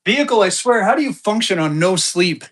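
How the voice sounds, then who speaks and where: A man selling collectible banknotes on a live auction stream, talking to his viewers in an excited, chatty way. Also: sits high, brisk. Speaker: livestream seller.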